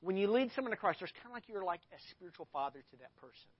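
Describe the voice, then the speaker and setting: A middle-aged man preaches in a high-pitched voice, swinging from loud, dramatic scripture readings to plain explanation. The recording is dry and dull, with a muffled lo-fi sound. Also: lively intonation, very fast, slightly rough, no room sound. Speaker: pastor. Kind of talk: sermon.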